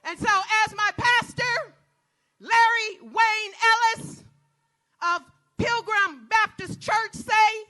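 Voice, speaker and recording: A woman with a very high, ringing voice addresses a big crowd outdoors as the rally's emcee. She leads call-and-response chants in a preacherly way. Her delivery is slow and drawn out. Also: sharp tone.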